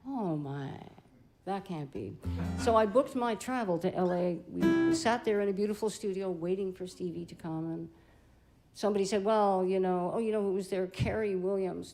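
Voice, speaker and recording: An older woman, a blues singer and guitarist, telling an animated, chatty story between songs on a live-stream stage, laughing easily. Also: on the low side, moderate pace, gravelly, soft background music, poor audio.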